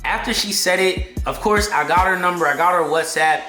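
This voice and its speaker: A man vlogging an excitable storytime in heavy slang, acting out what people said. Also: high-pitched, fairly quick. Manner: slangy, excitable, acts out quotes. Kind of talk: animated storytime. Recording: echoey room, faint music behind.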